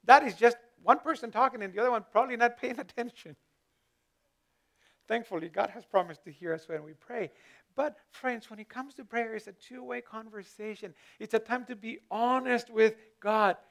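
Guy preaching a sermon, pretty high voice, kinda chatty, stumbles over words. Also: normal speed, creaky, fairly bright tone. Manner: conversational, repeats words when searching, voice rises for emphasis. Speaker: pastor.

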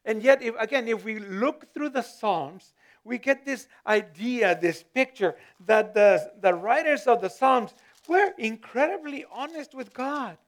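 High-voiced male pastor preaching. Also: animated, a little slow. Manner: conversational, repeats words when searching, voice rises for emphasis. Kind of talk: sermon.

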